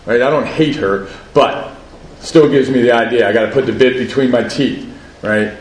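A man's voice: mid-range voice, moderate pace, reverberant, a little hiss or hum, low-quality recording. A man giving a personal share at a recovery meeting, conversational, often asking "right?" and laughing at himself.

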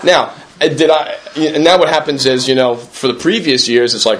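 At medium pitch and normal speed, with hardly any pauses, this man sounds a bit bright. He's sharing at a recovery meeting as a recovering alcoholic, earnest and self-deprecating, repeating himself conversationally and frequently checking in with "right?".

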